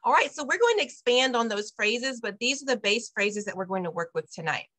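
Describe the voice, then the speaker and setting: A woman directing an online Spanish class for parents, upbeat and patient, modeling each phrase slowly over a video call. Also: a little high, expressive, pushed and bright. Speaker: bilingual preschool director teaching parents.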